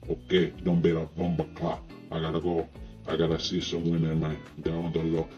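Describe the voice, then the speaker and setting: A man's voice: extremely low pitch, monotone, brisk, darkish tone. A man voicing a laid-back, rude male ghost in a put-on Jamaican accent, drawling and swearing. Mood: cocky. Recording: dull lo-fi sound with guitar music.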